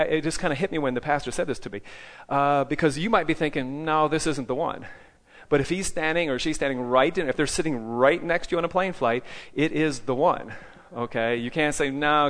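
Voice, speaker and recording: A man's voice: on the high side, a bit bright. A man teaching a group about street evangelism in a preaching style. He quizzes his listeners and checks in with "okay?" after almost every point.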